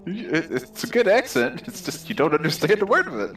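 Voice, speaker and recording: A man's voice: fairly high pitch, sing-song, a little fast, crowd noise. Jokey American man over roomy voice chat. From United States. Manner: jokey, laughs often. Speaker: guest in voice chat. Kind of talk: casual voice-chat banter. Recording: distant, roomy voice-chat audio.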